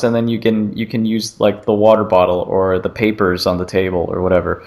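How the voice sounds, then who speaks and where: Low-ish guy rambling about a game demo on a podcast, casual chat. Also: a little fast. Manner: rambling, animated retelling with acted-out quotes. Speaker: podcast co-host.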